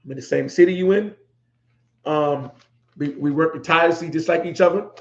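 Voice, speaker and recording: A middle-aged male podcast host speaks from the heart, emotional and repeating his words for emphasis. His voice sits a touch high for a man. The sound is roomy and echoey, with a dull, lo-fi quality. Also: moderate pace. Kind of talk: heartfelt livestream talk.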